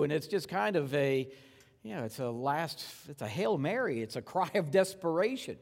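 A male pastor delivers a sermon in a chatty, conversational tone, swinging from loud, pressing rhetorical questions down to hushed, reverent lines. His voice sits a little high for a man. A long reverb from a large hall trails after every phrase. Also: very animated, moderate pace, gravelly.

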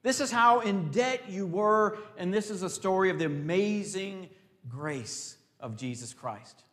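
A man preaching a sermon. He swings between loud emphasis and hushed, drawn-out phrases, and leads the congregation in call-and-response. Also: high voice, in a large hall. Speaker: pastor.

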